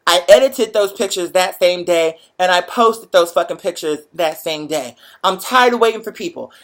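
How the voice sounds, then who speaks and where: Young man, show host, casual livestream chat, animated, swears a lot, motivational storyteller. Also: sits high, moderate pace. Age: young adult.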